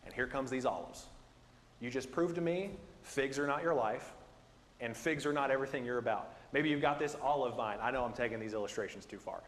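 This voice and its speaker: A man teaching a Bible class in a conversational, self-deprecating, animated way. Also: mid-range voice, a little fast. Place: church building. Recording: echoey hall with long reverb.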